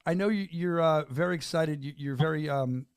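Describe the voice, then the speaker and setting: A man's voice: fairly high pitch, clean tone, dry recording, clean studio sound. A man hosting a fight podcast, interviewing a fighter in an upbeat, hype-man style. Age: adult with two children. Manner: upbeat hype-man talk, quick and repetitive. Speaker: podcast host and fight announcer. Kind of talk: casual interview chat.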